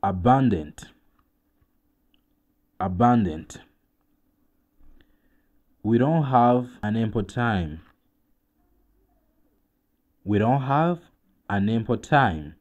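Rwandan-accented male teacher, low and mellow, deliberate repeat-after-me delivery. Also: animated, highs cut off. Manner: very slow, deliberate, repeats each word twice. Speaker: English teacher. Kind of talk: slow vocabulary drill with translations.

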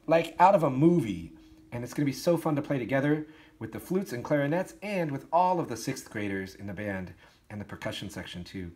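A man's voice: medium pitch, very animated, a little fast, a little mellow, breathy edge. A man teaching a school band part, counting aloud and singing the notes, with encouraging talk for his students. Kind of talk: instructional walkthrough for students.

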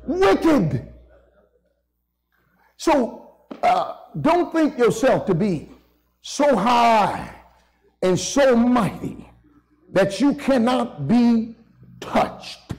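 A male preacher with a strikingly high, gravelly voice delivers an impassioned church sermon. He speaks slowly, leaning hard on key words and urging the congregation to say amen. His pitch swings widely as he preaches. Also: big pitch swings, darkish tone, low-quality recording. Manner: impassioned, drawn-out emphasis, calls for amens. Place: church sanctuary.

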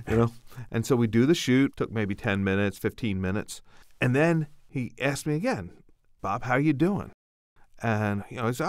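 A man's voice: medium pitch, normal speed, no echo. An older man, a podcast co-host, telling a personal story in casual chat and acting out the quotes. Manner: animated anecdotal storyteller, acts out quotes.

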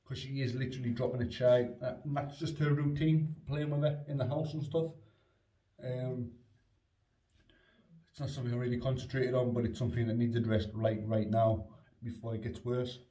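Man, casual dog-training vlog, mellow, distant roomy phone sound. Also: medium pitch, fairly even intonation, normal speed. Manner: plain, rambling, lots of fillers, short firm commands to the dog. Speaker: dog owner training his spaniel. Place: indoors in a house hallway. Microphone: phone on the stairs, away from him. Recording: roomy, distant phone recording with faint noise.

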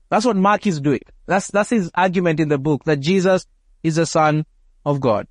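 High-voiced pastor preaching. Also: male voice, normal speed, no echo, studio quality. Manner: emphatic, repeats words while building a point. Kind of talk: sermon. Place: church.

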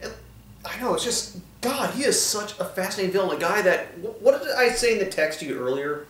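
A man's voice: sits high, animated, a little fast, fairly bright tone. Man chiming in casually, echoey room. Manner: frequent short agreements. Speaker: co-host. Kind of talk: casual TV episode discussion.

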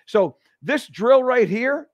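A man hosting a live golf lesson, explaining each move step by step with energetic restarts in an indoor golf studio. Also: very high voice, takes it slowly, dry recording, lo-fi sound. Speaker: golf instructor and show host. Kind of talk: live instructional demonstration.

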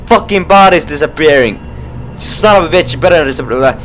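A young man playing a horror game, swearing constantly, panicking and yelling at enemies, then muttering nervously. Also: fairly high pitch, expressive, a little fast, slight background noise. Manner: profane, jumpy, yelling in panic. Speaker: let's play gamer.

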